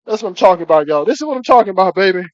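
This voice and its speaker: A man cooking on a live stream, talking excitedly to his viewers, calling them baby again and again and breaking into whoops. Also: high voice, very fast, no room sound. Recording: dull lo-fi stream audio.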